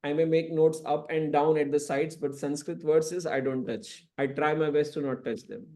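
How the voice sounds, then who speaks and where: Speaking at a normal speed in a steady, slightly mellow tone, a man with a higher-than-average voice teaches scripture in a temple classroom. His lecture runs long and is peppered with "you know."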